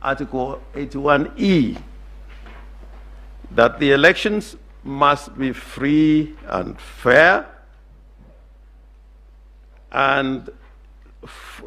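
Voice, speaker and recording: A Kenyan-accented man addresses the judges in a formal courtroom submission, speaking with deliberate emphasis and occasional hesitant restarts. His delivery is very slow and measured. His voice carries a gravelly edge. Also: mid-range voice, sharp tone. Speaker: lawyer.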